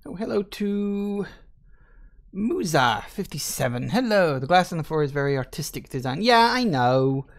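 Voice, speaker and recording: A man's voice: fairly high pitch, big pitch swings, moderate pace, few pauses. A man with an English Midlands accent giving chatty, joking live commentary while streaming a game and answering his chat. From England.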